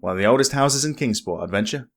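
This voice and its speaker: A man voicing a suspicious, gruff local man in a tavern in a game, curt and scornful toward outsiders. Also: mid-range voice, animated, fast talker, natural voice.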